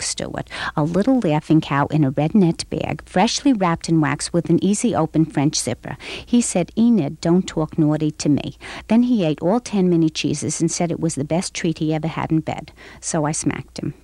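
An actress playing a chatty New York housewife with a thick New York accent in a radio comedy commercial, delivered as a gossipy monologue. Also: female voice, low voice, expressive, moderate pace, warm tone, no room sound.

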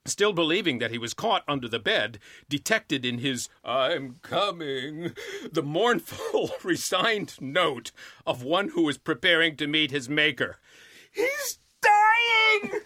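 Male actor narrating comedy, animated, bright and crisp in a dry room. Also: fairly high pitch, moderate pace, no echo. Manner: lively animated storytelling. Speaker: actor reading a story. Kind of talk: expressive comic story narration.

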